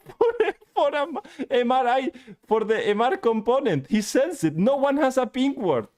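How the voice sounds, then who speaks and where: Young man, game coach, exasperated, animated, slightly high voice. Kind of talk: live-streamed gameplay review.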